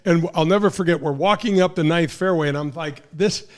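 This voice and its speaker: A St. Louis, Missouri man in his sixties, a former pro golfer, hosts a laid-back talk show, telling lively stories and imitating the voices of the people he quotes. His voice runs slightly high for a man, and he talks a little fast. Now and then he stumbles and starts over.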